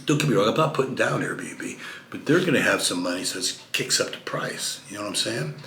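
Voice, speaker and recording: A man's voice: on the low side, animated, a little fast, a bit bright, reverberant, slight background noise. A man from Texas telling chatty travel anecdotes to camera, with lots of fillers and restarts. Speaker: vlogger. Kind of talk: casual storytelling to camera.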